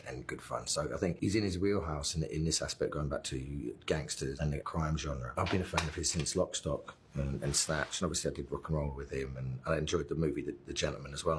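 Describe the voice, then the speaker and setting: Really deep guy, calm answer, bit of rumble in the background. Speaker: actor interviewee. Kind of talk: casual interview answer.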